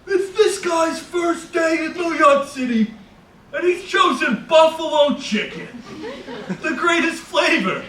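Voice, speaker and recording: A man voicing a brash, friendly male New York bodega customer who talks loudly and laughs a lot. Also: very high-pitched, animated, slow, long pauses, reverberant, distant mic, slight background noise, pitched above the performer's own voice, heavily acted. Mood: shouting. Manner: loud, laughing, overeager.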